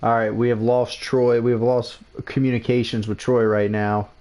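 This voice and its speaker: A man's voice: medium pitch, flat delivery, moderate pace, darkish tone. A man hosting a casual livestream, talking loosely and often repeating words and restarting sentences. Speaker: streamer host.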